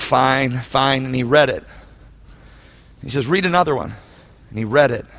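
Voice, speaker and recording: A man preaching a sermon as pastor, telling stories with shouted peaks and soft hushed asides. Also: a little high, gravelly.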